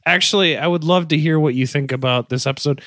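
A man hosting a casual podcast, reading out plugs and teasing his co-hosts in a relaxed, playful way. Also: fairly high pitch, quick pace, no echo, clean studio sound. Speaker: podcast host.

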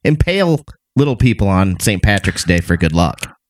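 A man co-hosting a comedy podcast, teasing and bantering quickly. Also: low voice, big pitch swings, no echo, clean studio sound. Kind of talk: casual comedic podcast chat.

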